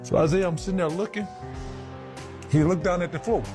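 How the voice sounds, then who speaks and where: A man's voice: high-pitched, fairly quick. A former basketball player marveling as he recalls a moment from the bench, chuckling through it. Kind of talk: storytelling interview. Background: music.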